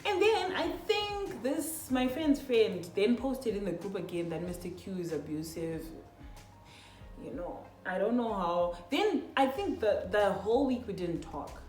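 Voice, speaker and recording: A young woman vlogger telling a personal story to her viewers, animated and casual, full of "literally" and "like", talking to them as "guys". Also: medium pitch, unhurried, reverberant, soft background music.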